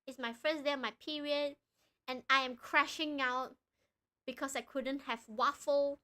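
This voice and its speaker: A young woman from Malaysia chatting casually on a live stream, excitable and often breaking into laughter. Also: high-pitched, a little slow.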